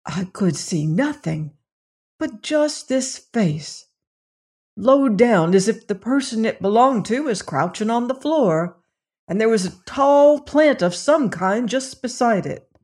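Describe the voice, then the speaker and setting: A narrator voicing a frightened male servant who speaks in a shaky, halting, anxious way in an audiobook mystery. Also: very high voice, expressive, a little mellow, voice pushed up, exaggerated voice. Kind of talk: audiobook reading of a mystery novel.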